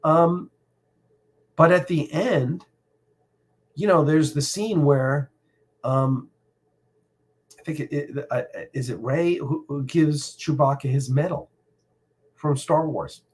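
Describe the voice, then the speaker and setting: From a room at home, a middle-aged man hosts a casual live stream, speaking in a personal, reflective way and often halting with fillers. His voice sits on the high side with a breathy edge.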